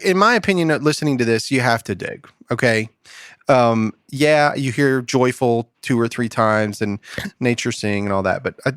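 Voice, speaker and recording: A man's voice: mid-range voice, dry recording. A man hosting a podcast in a studio, chatting casually and joking around. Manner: joking, animated. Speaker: podcast host. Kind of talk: casual chat.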